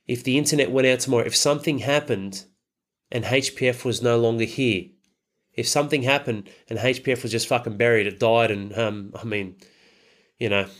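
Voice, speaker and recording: A middle-aged man giving a blunt, emphatic motivational talk as a coach for fathers, swearing heavily. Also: medium pitch.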